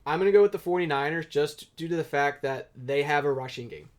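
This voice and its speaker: A man's voice: on the high side, quick pace. A man co-hosting a casual sports picks chat, steering the segment and stating firm opinions. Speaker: podcast co-host running the picks.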